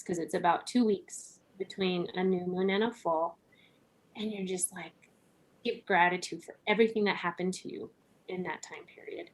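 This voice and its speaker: A woman talking as a podcast guest in a relaxed conversation, reflective, laughing often and using many "like" and "right?" fillers. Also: mid-range voice.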